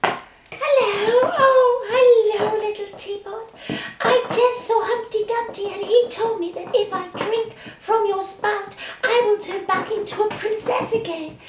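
A woman's voice: very high voice, fairly even intonation, a little slow, reverberant. A woman voicing a spoiled little princess puppet, wide-eyed and chatty. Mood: wondering. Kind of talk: children's puppet show.

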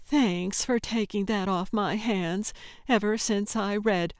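A woman narrator voicing an older woman with a soft, grandmotherly manner. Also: medium pitch, steady tone, slow, clear, resonant tone, dry recording, studio quality, natural voice. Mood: gentle. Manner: soft, gentle.

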